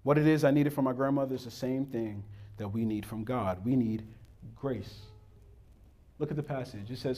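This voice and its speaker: A man preaching a sermon to his congregation, who calls them "beloved" and acts out a stern grandmother's voice, swinging from loud exhortation to soft, low asides. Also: moderate pace. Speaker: pastor.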